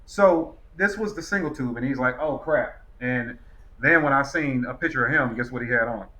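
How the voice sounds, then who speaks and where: A man's voice: medium pitch, brisk, poor audio. A man chatting casually as a podcast guest, rambling along with lots of fillers. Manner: rambling, relaxed, many fillers. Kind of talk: casual chat.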